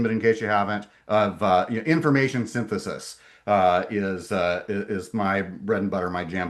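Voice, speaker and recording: A middle-aged man with a somewhat low voice gives a casual webinar talk over a video call mic. He sounds eager and upbeat, and he often pauses on fillers and restarts his sentences. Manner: enthusiastic, with frequent hesitations and restarts. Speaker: webinar presenter.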